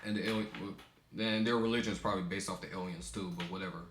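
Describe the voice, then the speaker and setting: A man's voice: sits low, fairly even intonation, rapid-fire, a bit bright, slight background noise. A young man from the United States, rambling casually in commentary, often stumbling and correcting himself mid-sentence. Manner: rambling, self-correcting, stumbling over words. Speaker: video maker. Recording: echoey room.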